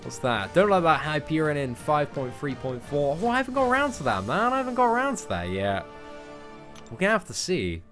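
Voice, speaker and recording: A man's voice: on the high side, sing-song, a little fast, a bit bright, faint music behind. A young man with an English accent, chatting casually on a live stream and answering viewers' questions off the cuff. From England. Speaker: gaming streamer.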